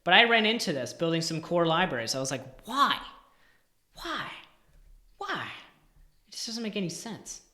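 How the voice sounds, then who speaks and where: A fast-talking man with a high, sing-song, sharp-toned voice barely pauses as he codes on a live stream. He thinks aloud and mutters in exasperation, now and then dropping almost to a whisper. The recording carries a roomy echo.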